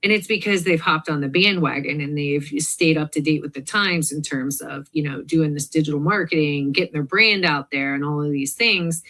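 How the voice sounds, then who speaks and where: A woman's voice: sits low, moderate pace, few pauses, bright, forceful tone. Woman host, affirming and casual. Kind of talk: casual interview talk.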